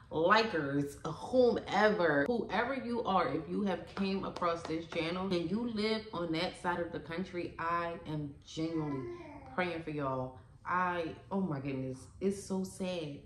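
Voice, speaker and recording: Earnest low-voiced woman vlogger saying "y'all". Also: reverberant, a little hiss or hum. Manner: earnest and emotional, says "y'all" often. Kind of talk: casual vlog chat.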